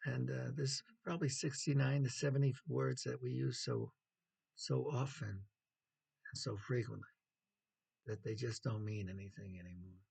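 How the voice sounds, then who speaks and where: A man delivers a writing lecture in a heavily gravelly voice with a husky edge. He talks in a measured way, with pauses, fillers and the odd cleared throat. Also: medium pitch, fairly even intonation, a little mellow. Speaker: writing instructor.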